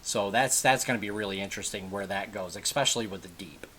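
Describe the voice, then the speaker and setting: A man with a lowish voice recaps a TV episode in loose, conversational fashion. He rambles, circles back and corrects himself as he goes. A faint hiss sits under the recording. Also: fast talker, sharp tone. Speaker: TV episode reviewer. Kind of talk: casual spoken episode recap.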